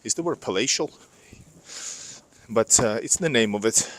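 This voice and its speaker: A vlogger's medium-pitched voice, lively in intonation and a bit bright, moves at a moderate pace as he strolls a wintry city street. He chats and rambles casually to viewers he calls "guys," on a clip-on microphone for a live street vlog.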